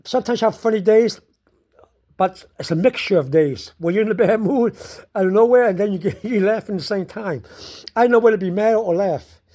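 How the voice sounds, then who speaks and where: A person telling a story about their day in a slow, repetitive way, laughing often. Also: mid-range voice, mellow.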